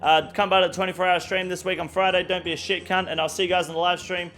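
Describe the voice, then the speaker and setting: A man's voice: sits high, level tone, fast, a bit bright. A man hosting a weekly gaming news show, ranting bluntly and crudely with plenty of swearing. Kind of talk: casual gaming news rant.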